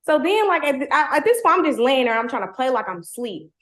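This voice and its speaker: Speaking quickly in a high, fairly bright and very animated voice, a young woman recounts something that happened to her. Her talk is slangy and blunt, crammed with "like," and the room gives the audio an echoey quality.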